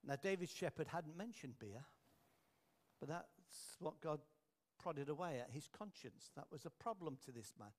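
A male preacher with a somewhat high voice, telling anecdotes in an earnest sermon. He turns quiet and slow for his key points. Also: animated. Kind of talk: storytelling sermon.

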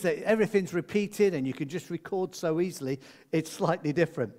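A man's voice: on the high side, darkish tone. A man giving a chatty, jokey Christmas sermon as a preacher, laughing often as he talks.

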